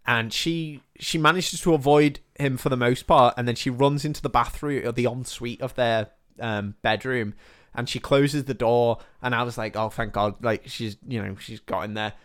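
A man, co-hosting a podcast, retelling a film in casual chat with lots of swearing and quick quotes of the characters. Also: medium pitch, a bit bright. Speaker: podcast co-host.

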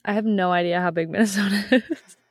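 A woman's voice: mid-range voice, fairly even intonation, a little fast, no room sound, clean studio sound. A woman co-hosting a podcast, playful and reactive in casual chat. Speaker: podcast co-host.

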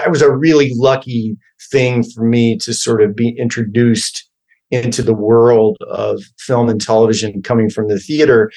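A man's voice: mid-range voice, a little mellow. A man in his fifties from Oklahoma, a guest actor who tells stories casually and keeps correcting himself mid-sentence. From Oklahoma, USA. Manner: rambling, self-correcting, wry. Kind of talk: casual interview storytelling.

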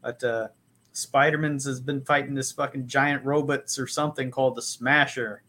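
A man co-hosting a podcast in loose, rambling chat. He swears freely and drifts from point to point in an ordinary middle-pitched voice. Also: fairly even intonation, normal speed, sharp tone. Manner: profane, rambling, puts on mock accents. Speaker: podcast co-host. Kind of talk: casual comedic chat.

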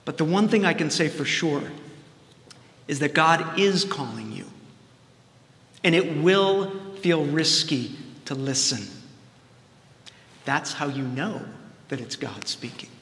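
A man's voice: on the high side, animated, takes it slowly, long pauses, a bit bright. Man preaching in an echoing church. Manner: conversational, plain-spoken preaching with casual asides. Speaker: seminarian preaching. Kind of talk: sermon. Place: church sanctuary. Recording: roomy church echo with long reverb.

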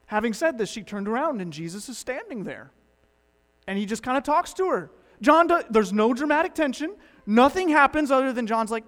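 Pastor, male, higher register, dynamic preacher who drops from punchy to hushed, long church reverb. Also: lively intonation, a little fast. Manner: dynamic, swinging from loud emphatic to hushed. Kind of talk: sermon.

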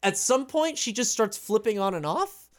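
Animated man doing silly quote voices. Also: sits high, normal speed. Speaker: podcast co-host. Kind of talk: casual podcast chat.

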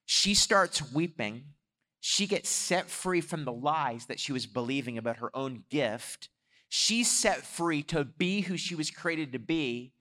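A man preaching a sermon, telling a story in an animated way and swelling louder on his exhortations. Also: a little high, unhurried. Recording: long hall reverb.

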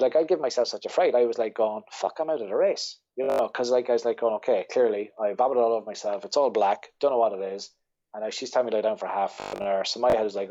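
A man's voice: mid-range voice, mellow, highs cut off. A man with an Irish accent, a podcast guest telling a rambling story in casual chat, swearing freely and laughing as he goes. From Ireland. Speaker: podcast guest, ultra-runner.

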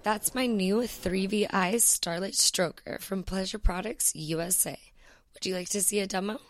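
A woman playing a cheery sales-pitch starlet. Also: moderate pace, natural voice. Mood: salesy. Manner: bright salesy delivery. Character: cheery female adult star pitching a product. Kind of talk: comedy ad sketch.

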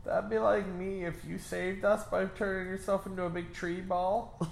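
A man's voice: high voice, flat delivery, gravelly. A man chatting playfully and giggling while watching a movie with a friend. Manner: giggly, playful, drawn-out delivery. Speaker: co-viewer reacting to a movie. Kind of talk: casual chat. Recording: roomy sound with faint background noise.

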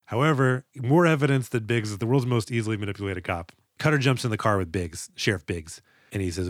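A man's voice: fairly low pitch, fairly quick, dry recording, studio quality. A man co-hosting a movie podcast, riffing in a joking, profane way during casual chat. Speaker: podcast co-host.

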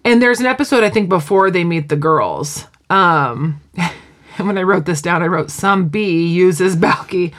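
A woman's voice: fairly low pitch, expressive, a little slow. A woman co-hosting a podcast in casual chat, animatedly retelling scenes and acting out the quotes. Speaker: podcast co-host.

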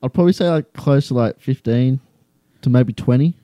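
A young man with an Australian accent, chatting casually as an interview guest, relaxed and full of fillers. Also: medium pitch, moderate pace, no echo. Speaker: guest, skydiving student.

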